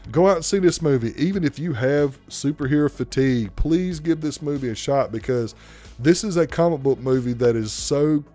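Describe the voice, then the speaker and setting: A man's voice: a little high, normal speed, warm tone, faint music behind. Blunt Southern man ranting about movies. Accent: thick South Carolina Southern. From South Carolina, US. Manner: blunt, profane, opinionated. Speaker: movie reviewer. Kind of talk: casual movie review rant.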